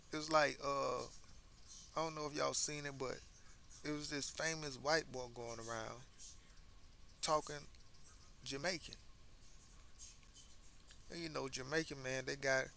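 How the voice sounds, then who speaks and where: A man's voice: mid-range voice, vocal fry, sharp tone, a little hiss or hum. A man from the United States hosting a casual commentary monologue, talking emphatically and repeating words as he restarts his sentences. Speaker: commentary host.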